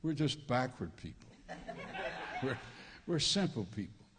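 Cajun guy preaching, folksy and jokey, repeats himself a lot, middle pitch, big echoey church. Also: sing-song, a little slow, background noise. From Louisiana Cajun country. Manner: folksy, joking, repeats phrases. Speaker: visiting preacher. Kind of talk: sermon. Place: church sanctuary. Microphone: church PA microphone. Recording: reverberant church hall.

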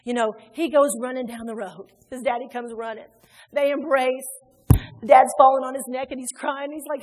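In a church sanctuary with long hall reverb, a woman from Indiana preaches a sermon. Her high voice moves at a normal speed, and she is emphatic, acting out the voices of the people she quotes.

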